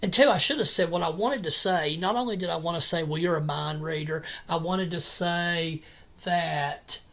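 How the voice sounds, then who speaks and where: A man in an angry personal vlog rant at home at night, agitated and repetitive, with halting restarts. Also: high voice, a bit bright. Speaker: vlogger.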